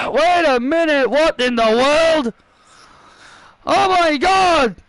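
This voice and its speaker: A man voicing an excitable wrestling commentator who shouts and exclaims in surprise. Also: high voice, slow pace, smooth, no echo, voice pushed down, exaggerated voice, low-quality recording. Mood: shocked. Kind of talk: game commentary.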